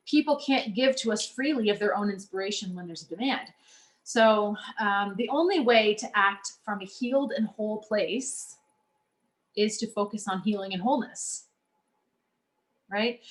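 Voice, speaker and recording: In a medium-pitched voice, a female coach explains her point in a relaxed, sincere teaching session. Her delivery is conversational, frequently restarting sentences and padding pauses with little filler words.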